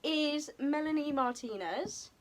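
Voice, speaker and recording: Speaking slowly and expressively in a high voice, this young vlogger does a casual show-and-tell, bubbly and slightly breathless and full of ums. She's filmed indoors with a tripod camera whose mic is moved around, and there's slight background noise.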